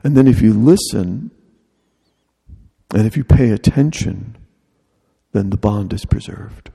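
Male preacher, mellow and husky voice, chatty jokey delivery, reverberant hall. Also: on the low side, unhurried. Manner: humorous, conversational preaching with mock dialogue. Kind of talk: sermon.

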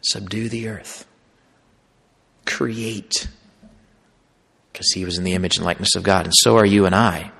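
A man, a priest, preaching a sermon as a storyteller, swinging from loud punchy lines to hushed ones. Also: low-pitched, steady tone, racing, creaky, few pauses. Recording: long hall reverb.

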